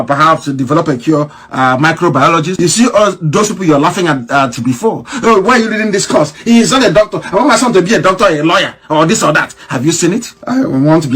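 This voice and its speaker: High-voiced guy ranting on a live broadcast, voice jumps all over, sneering, tons of rhetorical questions. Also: a bit bright. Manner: scornful, mocking, full of rhetorical questions. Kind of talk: impassioned political monologue.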